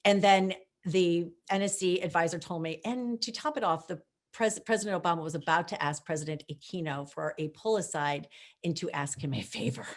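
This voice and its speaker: Brief: middle-aged American woman, lower-pitched voice, animated storyteller on a video call. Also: a little fast. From United States. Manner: animated, acts out quoted voices. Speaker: guest speaker, former protocol chief. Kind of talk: lively anecdotal storytelling.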